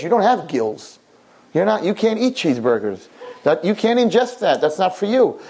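An older man, a rabbi, preaching a sermon through an animated story and often jumping into high, excited voices. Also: slightly rough.

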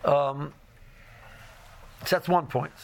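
A man's voice: fairly high pitch, steady tone, takes it slowly, gravelly, slight background noise. A middle-aged man teaching a casual Torah class, rambling with many fillers and restarts and mixing in Hebrew phrases. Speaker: yeshiva teacher.

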